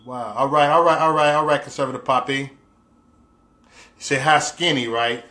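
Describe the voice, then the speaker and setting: Reading viewer comments on a casual livestream, a man jokes with his audience in a playful, teasing way, laughing often and using loose slang fillers. His mid-range voice is pushed and bright, with a steady tone at normal speed.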